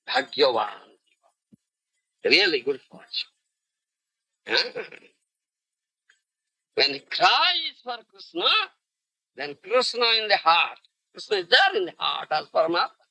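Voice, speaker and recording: A man's voice: high-pitched, bright, forceful tone, breathy edge, no echo, poor audio. A man giving a devotional lecture, emphatic and forever checking in with his listeners. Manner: emphatic, keeps checking in with "you understand?" and "huh?". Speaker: spiritual teacher. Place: lecture hall in India.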